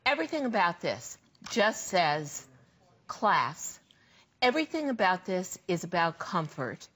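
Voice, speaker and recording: An older woman, a designer and brand founder, giving an enthusiastic, emphatic home shopping sales pitch. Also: very animated, unhurried, a bit bright.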